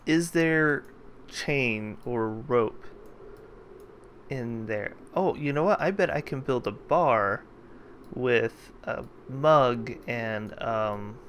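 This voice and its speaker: A man's voice: medium pitch, extremely slow, fairly bright tone, slight background noise. A man hosting a let's play, giving casual, jokey gameplay commentary and thinking aloud as he plays.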